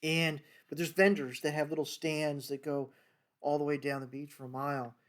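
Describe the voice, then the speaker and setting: An older man with an American accent tells rambling stories from his days as a wildlife agent. He slips into the voices of the people in each scene. His voice sits slightly higher than most men's. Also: level tone, moderate pace. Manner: rambling, acts out dialogue in quoted voices. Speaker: former federal wildlife agent telling stories. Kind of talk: casual storytelling monologue.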